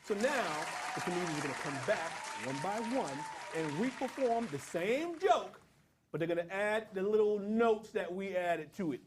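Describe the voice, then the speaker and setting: A man hosting a casual comedy workshop, excitable and stammering, repeating himself. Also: high-pitched, moderate pace, crowd noise, noisy background. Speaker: show host.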